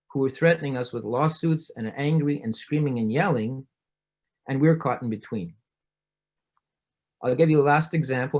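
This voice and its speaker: A middle-aged doctor talks an audience through real cases in a relaxed, conversational presentation. He tells each story vividly, lifting his voice when he plays the people in it. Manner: storytelling, acts out quoted voices with rising pitch. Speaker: physician giving a public talk.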